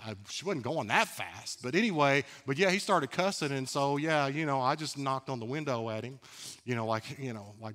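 A man's voice: medium pitch, brisk, sharp tone. A man preaching a sermon as pastor in a church, talking candidly and conversationally, laughing at himself. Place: church sanctuary.

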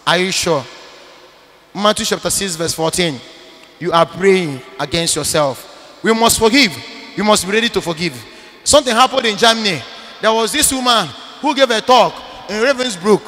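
A man, a Catholic priest, preaching a sermon emphatically, repeating phrases and breaking into sudden loud bursts. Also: sits high, animated, moderate pace, big-room sound.

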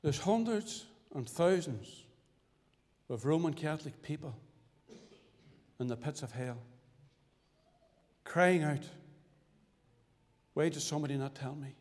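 A man from Northern Ireland giving his testimony as a sermon, with fervent preaching that swings sharply between loud and hushed. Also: fairly high pitch, expressive, takes it slowly, pauses often. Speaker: testimony speaker at a church. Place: church hall. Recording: church recording with long reverb.

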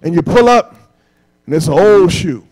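A man preaching a sermon live in church, getting the congregation to repeat after him and swinging from quiet talk up to shouting. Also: lively intonation, moderate pace, rough recording. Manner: builds to shouting peaks, then drops low. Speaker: pastor. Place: church sanctuary, recorded live.

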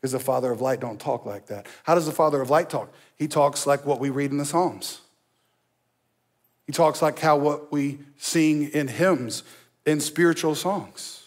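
A man's voice: a little high, normal speed. A male pastor preaching a sermon in a conversational, emphatic way, with asides to the congregation. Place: church.

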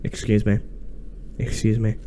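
A man's voice: lowish voice, completely flat delivery, a little slow, dark tone, slight background noise. A man chatting casually while playing a game, repeating short voice commands over and over and swearing in frustration when they fail. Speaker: gamer. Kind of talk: casual gameplay chat.

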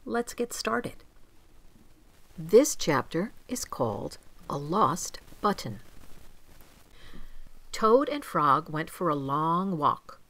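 An older woman reading a children's story aloud, gentle and expressive. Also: sits low, takes it slowly, rough recording. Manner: gentle, expressive, clearly paced.

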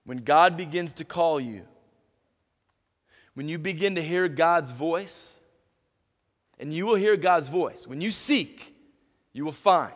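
A man preaching a sermon as pastor, animated, stumbling and restarting often, and acting out little dialogues. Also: fairly high pitch, slow pace, pauses often. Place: church sanctuary. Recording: reverberant church hall.

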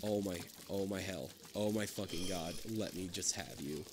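A man playing a co-op game with a friend, excitable and swearing, swinging between yelling and muttering. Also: low-pitched, moderate pace, background noise. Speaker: gamer. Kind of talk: casual co-op game commentary.

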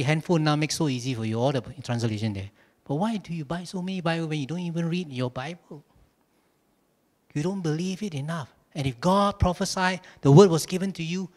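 A male pastor preaches to his congregation in an animated, storytelling way, mixing humor into his points. His voice sits a little high for a man, and he speaks into a stage microphone in a church. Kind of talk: sermon. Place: church service.

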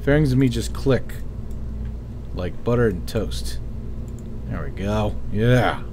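A man's voice: fairly low pitch, expressive, slow pace, background noise. A man casually commenting while playing a space-building game, joking around and muttering to himself. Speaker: gaming streamer.

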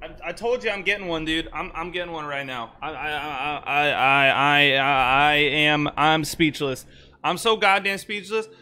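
Exasperated high-voiced young streamer man. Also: normal speed, pushed and bright. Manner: exasperated, rambling with stammered restarts. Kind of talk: casual live-stream chat.

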